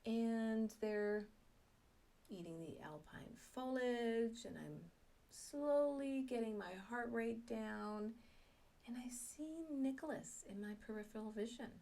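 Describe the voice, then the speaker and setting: A middle-aged woman telling a personal story, self-mocking and animated, acting out her own thoughts. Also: on the high side, slow, vocal fry. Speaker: speaker sharing a personal story.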